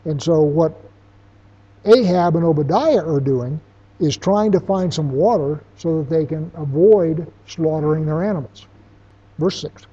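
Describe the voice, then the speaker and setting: A man's voice: fairly high pitch, unhurried, dark tone, breathy edge. A man teaching a Bible lesson, who reads verses aloud and then explains them in casual everyday words. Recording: dull lo-fi recording.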